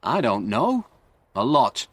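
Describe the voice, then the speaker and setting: A man's voice: mid-range voice, huge pitch swings, slow pace, breathy edge, dry recording, exaggerated voice. A man reading a storybook and voicing a young male thief who protests his innocence and dodges questions. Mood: defensive. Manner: protesting and evasive.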